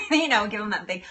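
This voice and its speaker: A woman's voice: medium pitch, pushed and bright, slight background noise. Bubbly, giggly woman streaming live. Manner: bubbly, giggly, answers viewer comments. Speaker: livestream host. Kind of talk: casual live-stream chat.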